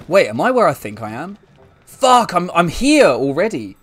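A man's voice: a little high, sing-song, normal speed, fairly bright tone, breathy edge, dry recording. A man streaming a game with a friend, teasing and laughing as he plays. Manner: teasing, playful, laughs often. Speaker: gaming streamer. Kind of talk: casual banter while playing.

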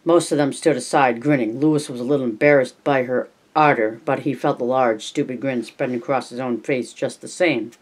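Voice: mid-range voice, fairly even intonation, brisk, hardly any pauses, breathy edge. Casual home audiobook reader. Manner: unpolished, with slips and restarts.

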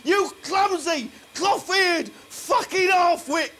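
A man voicing a foul-mouthed male baboon puppet who shouts crude insults in streetwise slang. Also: very high-pitched, slow, slight background noise, exaggerated voice. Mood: abusive.

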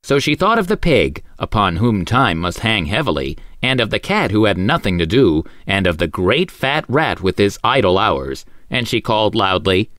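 A man hosting a story show and reading a children's tale aloud in an expressive, sing-song way. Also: fairly low pitch, normal speed, few pauses, dry recording, studio quality. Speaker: storyteller host.

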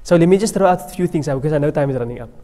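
Rapid and dark in tone, with a voice a little on the high side, a man preaches a Ramadan sermon as sheikh in a mosque hall whose long echo fills the recording. Stories alternate with Arabic recitation.

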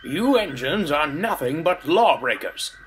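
A man voicing a stern, grumpy village constable who scolds slowly and officiously. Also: a little high, very animated, fairly bright tone, a little hiss or hum, pitched above the performer's own voice, full character voice.

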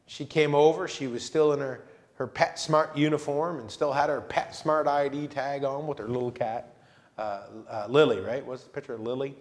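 A man preaching a sermon as pastor, talking in a conversational, halting way with restarts and teasing asides. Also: mid-range voice, steady tone. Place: church sanctuary.

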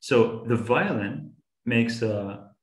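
A man's voice: medium pitch, takes it slowly, roomy sound. A man giving an online science class to young students, patient and encouraging, asking them questions as he explains. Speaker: science guest speaker teaching kids.

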